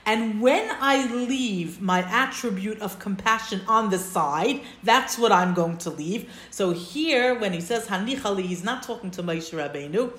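A woman's voice: medium pitch, expressive, unhurried, hardly any pauses, fairly bright tone. A woman teaching a text-study class, explaining step by step and checking in with her listeners. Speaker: Torah teacher. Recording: roomy echo.

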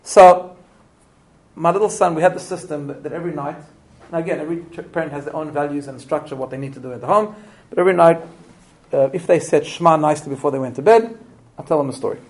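A middle-aged man with a slightly raised voice teaches a room full of parents. He tells stories with lively swings of energy, often restarts his sentences, and keeps checking in with his listeners through quick questions. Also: fairly high pitch, poor audio. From immigrant to Australia. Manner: animated storytelling with restarts and rhetorical questions. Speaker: parenting lecturer. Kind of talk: live parenting talk to an audience.

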